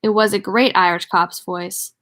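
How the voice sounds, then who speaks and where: A woman reading a novel aloud in a casual way, giving characters lively voices and stopping now and then to chat and laugh. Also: mid-range voice, moderate pace. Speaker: audiobook reader.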